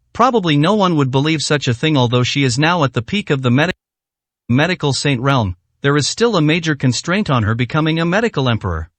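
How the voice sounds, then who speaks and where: A man narrating an audiobook story in an animated storytelling manner. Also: on the high side, no room sound.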